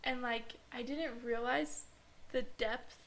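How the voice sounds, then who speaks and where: A woman with a fairly high voice talks as a podcast guest. She tells her story earnestly, leaning on "like" as she goes. A faint hiss sits under her voice. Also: steady tone, takes it slowly, a bit bright. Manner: earnest, filler-heavy storytelling with frequent "like". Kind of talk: casual podcast conversation.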